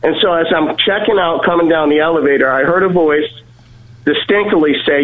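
A man's voice: fairly high pitch, normal speed. A man telling a personal story in an earnest way, often stumbling and repeating his words. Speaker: guest sharing a testimony. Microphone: phone. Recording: tinny phone line.

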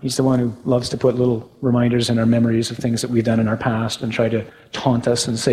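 A man's voice: medium pitch, completely flat delivery, fast talker, hardly any pauses, darkish tone, big-room sound, rough recording. A man, a Catholic priest, preaching a sermon in a conversational way with tag questions.

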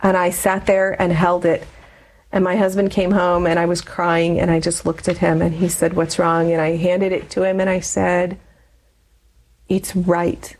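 A woman's voice: on the low side, level tone, moderate pace, darkish tone. A middle-aged woman, an interview guest, telling a personal story in an earnest, reflective way. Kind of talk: personal testimony in conversation.

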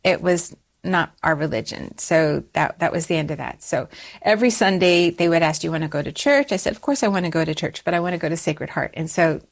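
A middle-aged woman telling a personal story in an interview, animated and often restarting her words, jumping higher when she quotes herself. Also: quick pace, gravelly. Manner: animated, rises high when quoting herself; frequent restarts and repeated words.

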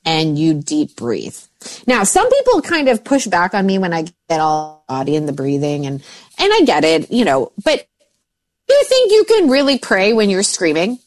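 Woman in her forties, mindset coach, lively swooping pitch, casual chat. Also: moderate pace. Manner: animated, jumps into high voices for quoted thoughts.

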